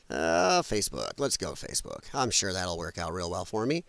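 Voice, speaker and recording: A man's voice: low-pitched, huge pitch swings, measured pace, creaky, pauses often, fairly bright tone, dry recording. A man hosting a livestream, ranting angrily and bluntly with some profanity while working at his computer. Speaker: livestream host. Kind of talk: heated political livestream rant.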